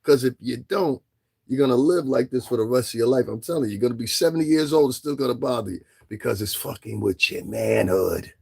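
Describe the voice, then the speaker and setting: A man's voice: medium pitch, quick pace, vocal fry, few pauses, darkish tone, slightly rough. A man giving casual commentary as a vlogger, talking straight to his listeners and firing off taunting rhetorical questions. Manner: addresses listeners directly.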